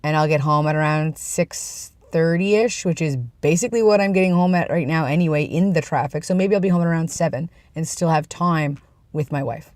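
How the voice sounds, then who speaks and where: A man's voice: fairly high pitch, fairly quick, darkish tone, no echo. A young man vlogging in a casual, rambling way, with self-deprecating asides, talking from his workplace. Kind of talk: casual chat.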